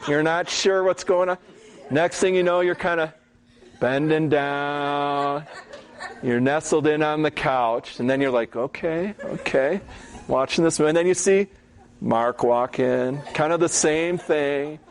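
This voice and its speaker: A man giving a Bible teaching talk, telling stories in a relaxed, conversational way and often checking in with "okay?". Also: fairly high pitch, unhurried.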